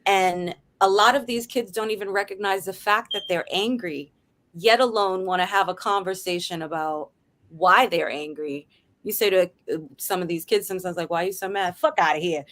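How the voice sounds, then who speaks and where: A woman's voice: mid-range voice, normal speed, a bit bright. A middle-aged woman hosting a casual discussion. She talks earnestly and keeps checking in with "right?". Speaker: radio show host.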